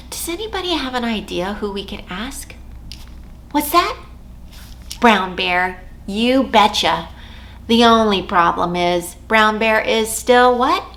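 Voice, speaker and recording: A woman's voice: on the high side, slight background noise. A woman leading a children's storytime, chanting rhymes and talking to a puppet with big exaggerated gasps. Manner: animated, sing-song, gasping with exaggerated surprise. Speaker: children's librarian.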